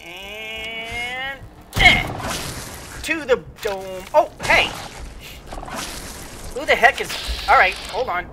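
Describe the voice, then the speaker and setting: A let's play host giving rambling gameplay commentary, full of fillers and excited exclamations. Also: mid-range voice, very slow, pauses often, background noise.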